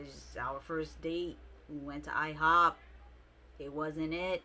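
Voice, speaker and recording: A young adult woman vlogging a casual storytime, expressive and slangy, with many fillers. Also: sits low, measured pace.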